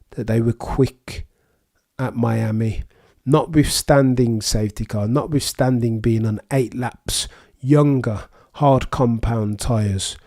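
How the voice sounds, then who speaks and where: A young man's mid-range, mellow voice carries a Birmingham accent as he hosts a live race watchalong from England. Chatting casually, he reads out what viewers write and answers with dry humour.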